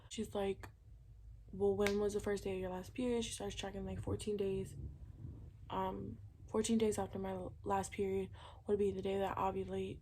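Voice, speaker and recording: A young woman recounts her story in a candid, chatty way, scattering "like" through her sentences and voicing the people she quotes. Her pitch stays level and narrow, sitting in a middle register. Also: little pitch movement, normal speed, mellow, slight background noise. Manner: candid, chatty, many "like"s, acts out quoted dialogue. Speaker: vlogger.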